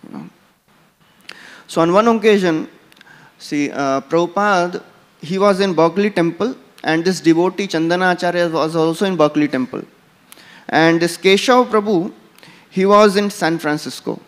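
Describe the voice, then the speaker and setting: A man's voice: high-pitched, moderate pace, long pauses. Indian man lecturing in a temple hall. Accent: Indian English. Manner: storytelling with frequent "you know" fillers. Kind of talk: scripture class lecture. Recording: temple hall with long reverb.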